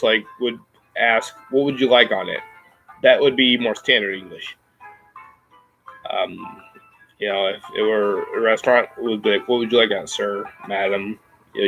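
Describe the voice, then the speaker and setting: A man with a Midwestern American accent, explaining things in a casual chat, halting with many ums and restarts. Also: mid-range voice, fairly bright tone, poor audio. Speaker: podcast host.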